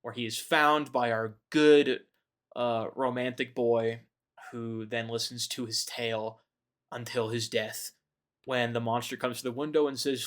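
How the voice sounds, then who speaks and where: A man hosting a casual podcast chat, retelling a book with swearing, jokes and loud mocking voices for the characters. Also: medium pitch, level tone, a little slow. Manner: profane, jokey retelling with loud mock voices. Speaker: podcast host.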